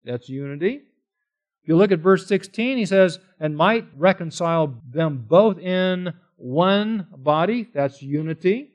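A man's voice: high-pitched, lively intonation, measured pace, lo-fi sound. A man preaching a sermon, reading scripture aloud and working through it verse by verse, asking questions and then answering them. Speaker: pastor.

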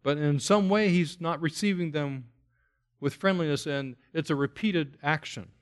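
A man's voice: on the high side, moderate pace. A man preaching an expository sermon, emphatic, repeating phrases and asking rhetorical questions. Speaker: pastor.

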